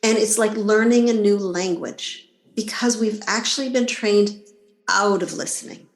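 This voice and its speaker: Speaking at a medium pitch and a little slowly, this woman, a body-image coach, lays out her thinking as a podcast guest, slipping into lively impressions of inner voices. The recording is rough, with a roomy sound.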